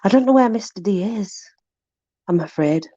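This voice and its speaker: A woman's voice: medium pitch, lively intonation, moderate pace, warm tone, no echo, dull audio. A woman casually reading aloud from a book to her viewers, amused and puzzled, laughing often. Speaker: vlogger.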